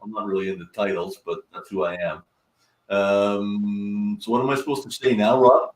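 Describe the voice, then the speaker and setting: A man from Canada speaks over a video call, excitable and halting. He sits back from the mic in a roomy space, and his voice has an ordinary pitch. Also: recorded from a distance. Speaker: tour company founder. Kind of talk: casual video call chat.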